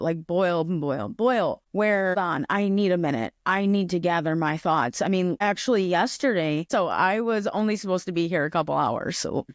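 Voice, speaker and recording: A woman's voice: on the low side, dry recording, studio quality. A woman co-hosting a podcast, telling a personal story in a casual, reflective way. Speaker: podcast co-host. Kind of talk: casual chat.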